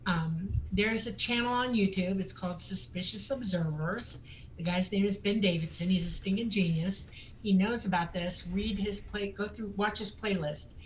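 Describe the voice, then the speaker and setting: A woman, a guest on a talk show, giving emphatic advice and filling pauses with um and uh. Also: mid-range voice, slight background noise, poor audio. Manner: emphatic advice with many um fillers.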